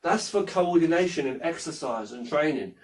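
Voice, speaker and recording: A man's voice: a little high, lively intonation, moderate pace. A man teaching martial arts in a rambling, casual way, demonstrating moves as he talks and swearing freely. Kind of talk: casual spoken lesson. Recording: voice from a distance from the mic.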